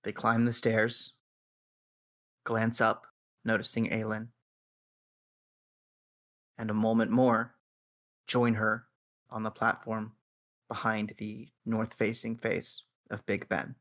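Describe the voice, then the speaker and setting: A game master narrating a tabletop role-playing game in a measured, descriptive way. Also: mid-range voice, level tone, fairly bright tone.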